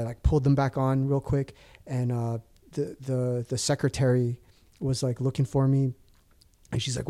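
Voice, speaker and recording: Guy in his 30s rambling thru a story, mellow darkish voice, lots of uh and like. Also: medium pitch. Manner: rambling with many fillers and restarts. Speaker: guest. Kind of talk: casual storytelling.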